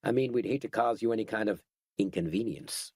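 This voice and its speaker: A man's voice: fairly low pitch, brisk, darkish tone, breathy edge, dry recording, clean studio sound. A man voicing a menacing biker gang leader who talks in a mild, soothing, mock-courteous drawl. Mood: oily.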